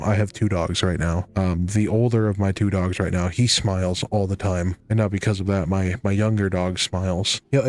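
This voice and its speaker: A man's voice: fairly low pitch, darkish tone. A young man casually telling rambling stories with frequent laughs while commenting on his own gameplay. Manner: rambling, self-mocking, laughs often. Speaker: gaming YouTuber.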